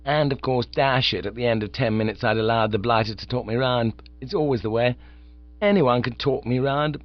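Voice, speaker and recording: A man reading an audiobook in scripted narration with a wry, lively manner. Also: medium pitch, brisk, no echo. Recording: dull, dry audiobook recording.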